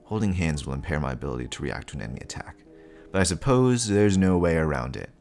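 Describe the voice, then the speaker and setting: A man's voice: very deep voice, expressive, fast talker, vocal fry, darkish tone, soft background music, exaggerated voice. A man voicing a stern male spy posing as a father, in clipped, earnest inner monologue. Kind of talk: comic reading with voices.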